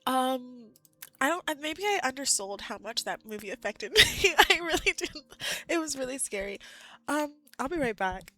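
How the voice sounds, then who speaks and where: A woman's voice: sits high, very animated, moderate pace, bright, forceful tone, no room sound, soft background music. A woman live-streaming and chatting casually with her viewers, giggly and often correcting herself.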